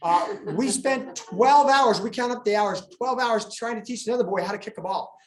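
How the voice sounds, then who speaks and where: A school administrator with a high-pitched voice speaks at a moderate pace, giving a live presentation to parents in a school meeting room. He's an animated storyteller, cracking jokes and acting out students. The recording is echoey, captured during the live meeting.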